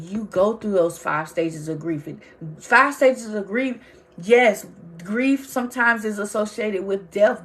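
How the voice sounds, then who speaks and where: A woman's voice: medium pitch, fairly bright tone. A woman hosting a casual livestream, talking emphatically and addressing viewers by name. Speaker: livestream host.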